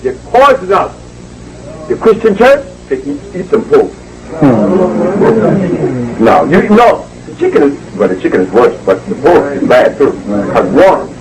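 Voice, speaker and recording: A man's voice: on the high side, recorded from a distance, a little hiss or hum, rough recording. A man giving an emphatic, preachy lecture to a live audience, repeating words for force. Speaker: speaker addressing an audience. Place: indoor evening gathering.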